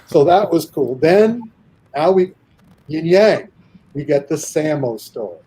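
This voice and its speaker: A man telling an animated anecdote in a casual podcast chat, acting out the voices of the people he quotes. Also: a little high, takes it slowly, breathy edge, poor audio. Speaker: guest storyteller.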